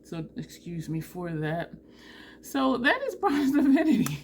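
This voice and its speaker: A woman from New Jersey chatting casually through a makeup tutorial, animated and laughing often. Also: fairly high pitch, measured pace, a little hiss or hum. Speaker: beauty vlogger.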